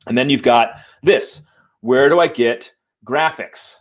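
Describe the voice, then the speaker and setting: A man's voice: mid-range voice, a little slow. Fired-up man hosting a live stream. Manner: fired up and emphatic; animated, swears and apologizes. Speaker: live show host. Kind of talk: live-stream talk to viewers. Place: home room.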